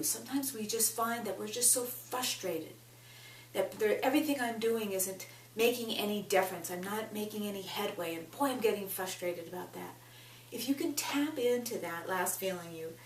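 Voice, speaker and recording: A woman coaching viewers through tapping, talking straight to them and guiding them phrase by phrase. Her voice sits a little high and sounds set back from the mic in an echoey room with a faint hum. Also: far from the mic. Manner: speaks to viewer directly, leads tapping setup phrases. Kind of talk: self-help teaching with guided tapping.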